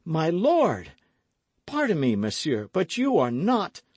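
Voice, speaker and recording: A man reading an audiobook, voicing a jealous, impulsive young male swordsman with excited, pleading exclamations. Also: mid-range voice, measured pace, breathy edge, no echo, voice pushed up. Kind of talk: audiobook character voice.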